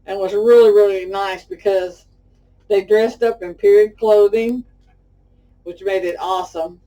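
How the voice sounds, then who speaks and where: A middle-aged woman from Pasadena, Texas, with a Texan Southern accent hosts a homey cooking demo, calling viewers "y'all" and drifting into chatty stories. Her mellow, warm, mid-range voice has a steady tone and measured pace, and she sits a little back from the microphone.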